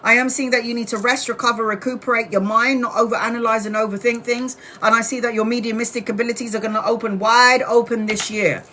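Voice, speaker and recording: A woman's voice: fairly high pitch, fairly even intonation, quick pace, hardly any pauses, bright, forceful tone, a little hiss or hum. A woman doing a casual live-stream tarot reading, blunt and chatty, with the odd swear word. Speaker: tarot reader.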